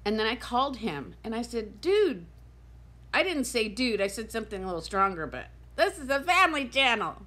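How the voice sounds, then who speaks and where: A woman in her fifties chats candidly to her camera in a casual vlog, her voice sitting a little high. She sounds tired and close to tears, but she keeps talking openly and frankly. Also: expressive, brisk, few pauses, sharp tone. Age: 50s. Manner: candid, chatty, emotional, near tears. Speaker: vlogger.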